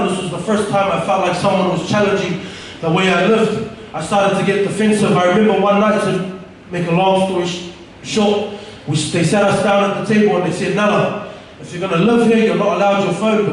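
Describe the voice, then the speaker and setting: A young man tells his life story in an earnest, candid way, his voice pitched notably high. He sounds set back from the mic in a very echoey room, with a faint hiss of noise behind him. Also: far from the mic. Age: young adult. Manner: earnest and candid, with frequent restarts. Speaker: speaker giving a personal testimony. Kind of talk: personal testimony told to an audience.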